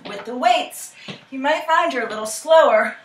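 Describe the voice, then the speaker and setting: A young woman coaches a cardio workout while doing it herself, breathing hard between cues and counting down each set. Her slightly high voice carries from a distance in an echoey room with clear noise behind. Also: animated, normal speed. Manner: encouraging, counting down reps. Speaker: fitness instructor. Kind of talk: workout instruction while exercising. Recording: echoey room, camera mic from far off.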